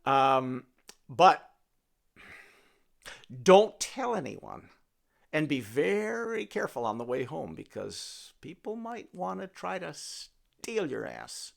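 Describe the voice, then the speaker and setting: Man voicing a fussing old folktale woman; high, gravelly, sing-song. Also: very animated, takes it slowly, long pauses, heavily acted. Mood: kindly. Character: kind old woman who gives magic donkey.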